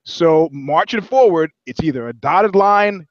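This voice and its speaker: A man with a fairly high voice tells rowdy stories on a podcast, acting out the voices of the people in them. The sound is dry and a little dull. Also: measured pace, no room sound. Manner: animated storyteller, acts out quotes. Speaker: podcast co-host. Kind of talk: casual podcast banter.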